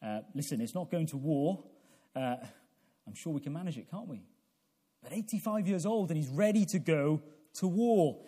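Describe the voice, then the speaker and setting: A man delivering a sermon in a warm, mellow voice that sits a little high for a man. He leans on rhetorical questions and pushes to emphatic peaks, stumbling over a repeated word now and then as he restarts. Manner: repeats words when restarting. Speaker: preacher. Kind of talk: evening sermon.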